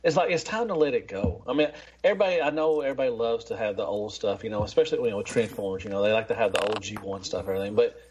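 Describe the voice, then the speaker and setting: A man's voice: lowish voice, rapid-fire, hardly any pauses, darkish tone, husky. A man hosting a podcast in casual, rambling chat, swearing freely. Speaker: podcast host.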